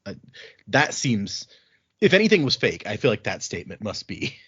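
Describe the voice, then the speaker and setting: Male podcast co-host, rambling casual recap, a bit raspy. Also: lowish voice, big pitch swings, moderate pace, fairly bright tone. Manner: rambling recap with many restarts. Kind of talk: casual book discussion. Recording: slightly lo-fi podcast audio.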